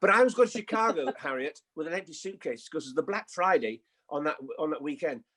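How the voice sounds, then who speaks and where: An older man with a slightly husky voice and a fairly high pitch for a man, telling lively stories in a relaxed chat. He throws himself into the tale and acts out each voice in it. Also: fairly quick. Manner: animated storyteller, acts out voices in his anecdotes. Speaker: guest actor. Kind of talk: anecdotal chat.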